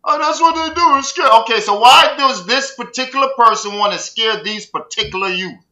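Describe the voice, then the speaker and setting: A man with a Jamaican accent holds forth as a podcast host, his voice high and strikingly bright. He rants in animated, patois-laced commentary, often repeating words as he builds a point. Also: a little fast, lo-fi sound. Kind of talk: heated casual commentary.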